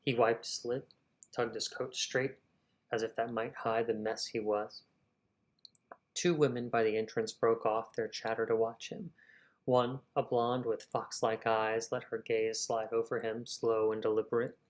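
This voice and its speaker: A man's voice: mid-range voice, little pitch movement, measured pace, poor audio. A man reading his own novel draft aloud, stopping often to rethink wording and talk himself through edits. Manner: reads prose, then stops to rethink and edit wording aloud; talks to himself while editing. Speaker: fiction writer. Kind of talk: reading a draft novel aloud during a live writing session.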